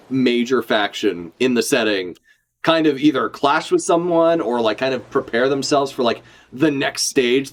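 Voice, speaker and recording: A man chatting casually on a live stream as he reacts to a comic chapter, rambling, swearing freely and correcting himself as he goes. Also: mid-range voice. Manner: rambling, profane, self-correcting.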